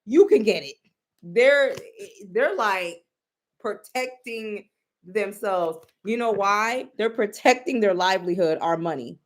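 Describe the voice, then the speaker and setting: A woman's voice: medium pitch, animated, slow pace. A woman giving casual commentary, blunt and profane, often rambling and restarting her sentences.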